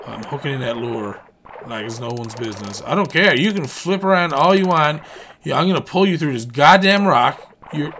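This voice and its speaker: A man giving lively let's play commentary on a fishing game, swearing and coaxing and scolding the fish as he plays. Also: medium pitch, slight background noise. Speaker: gaming channel host.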